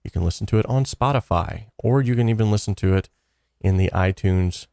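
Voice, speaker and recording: A man with a low, gravelly voice hosts a relaxed livestream. He talks earnestly and encouragingly, wandering through his thoughts with plenty of "uh"s, and the sound is close and dry. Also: brisk, no room sound. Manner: earnest, encouraging, loosely rambling with fillers. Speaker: livestream host of a song contest. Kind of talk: casual livestream chat.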